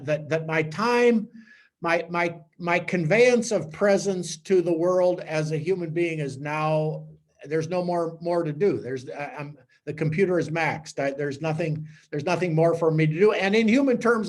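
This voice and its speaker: Male priest, fairly high voice, conversational teaching talk, animated storytelling. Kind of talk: teaching talk to a small group.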